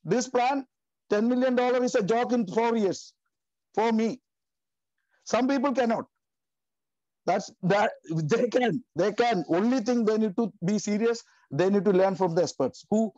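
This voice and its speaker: A man in his fifties giving an emotional, passionate testimony in halting, repetitive phrasing. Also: high-pitched, mellow, no room sound, dull audio. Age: 50s. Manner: passionate, repetitive, non-native grammar. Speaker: team member giving a testimony.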